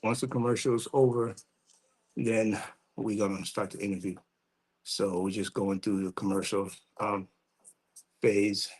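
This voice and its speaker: A man's voice: fairly low pitch, darkish tone, husky, poor audio. A man hosting a livestream, chatting loosely with viewers while waiting to start an interview. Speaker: livestream host. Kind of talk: casual livestream chat.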